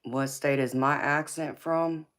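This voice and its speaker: Slow-drawling Southern woman streamer. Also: deep voice, steady tone, a bit bright. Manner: slow, drawling, calls viewers baby. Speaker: tarot reader and live stream host. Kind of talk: casual live stream chat with viewers.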